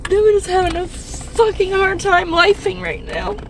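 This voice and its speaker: High-voiced crying woman in her fifties. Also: fairly even intonation, creaky, a little hiss or hum. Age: 50s. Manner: breaking down, swearing, halting with nervous laughs. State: crying and distressed. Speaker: rideshare and delivery driver. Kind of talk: tearful venting video. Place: parked car in a fast-food parking lot.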